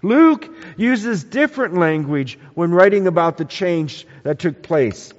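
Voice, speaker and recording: Animated preacher man in an echoey hall. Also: high voice, a little slow. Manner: animated, asks the congregation questions. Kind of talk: sermon. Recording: echoey hall, dull lo-fi sound.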